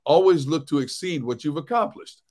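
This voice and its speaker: A man's voice: a little high, animated, normal speed, darkish tone. Easygoing middle-aged male sports host. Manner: easygoing, storytelling, preachy at times. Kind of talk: casual sports talk.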